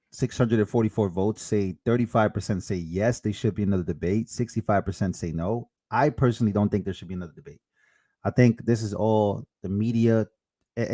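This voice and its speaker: A man hosting a political livestream, casual and chatty with quick asides. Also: fairly low pitch, dark tone. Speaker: livestream host. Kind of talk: live commentary stream.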